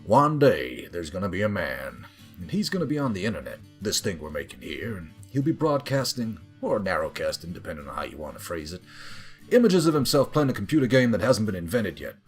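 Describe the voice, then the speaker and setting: A man's voice: deep voice, big pitch swings, a little fast, soft background music, pitched below the performer's own voice. A man voicing a blustering American Air Force general in a put-on American accent, rambling and mock-serious.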